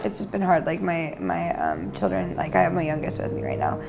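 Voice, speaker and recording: A young mother who's a new resident tells her story in a chatty testimonial interview, laughing a lot and at times tearful, with plenty of fillers. Her voice is deep with vocal fry and wildly swooping pitch, a little fast, and music plays in the background.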